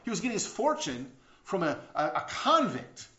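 A man preaching a sermon in an earnest way, often repeating words and restarting, swinging between loud and hushed. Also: high-pitched, very animated, normal speed. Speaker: pastor. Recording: roomy, slightly dull sound.

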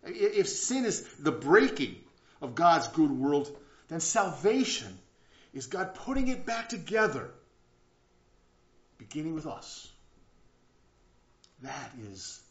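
A man preaching a sermon in an earnest way, often repeating words and restarting, swinging between loud and hushed. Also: on the high side, sing-song, measured pace, long pauses. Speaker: pastor. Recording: roomy, slightly dull sound.

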